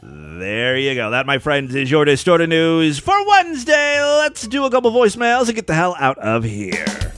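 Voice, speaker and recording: A man hosts a crude comedy podcast with a somewhat high voice. He rambles and mocks in an irreverent, offhand way. Faint music plays underneath. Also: big pitch swings, moderate pace, hardly any pauses, a bit bright. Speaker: podcast host.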